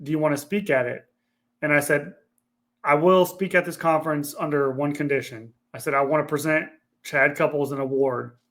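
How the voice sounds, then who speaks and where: A man's voice: a little high, steady tone, moderate pace, fairly bright tone. Earnest man telling a painful story. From Ohio, USA. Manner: earnest, candid, swears casually. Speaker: podcast guest, veteran. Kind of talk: emotional personal storytelling.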